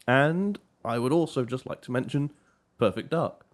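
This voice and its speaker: A man co-hosting a casual video game podcast, speaking in a measured, reflective way. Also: medium pitch. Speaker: podcast co-host. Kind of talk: casual chat about games.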